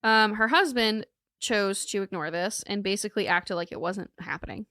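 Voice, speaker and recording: A woman's voice: mid-range voice, normal speed, pushed and bright, no room sound, studio quality. A woman co-hosting a podcast, telling a true crime case in a casual, joking way and laughing often.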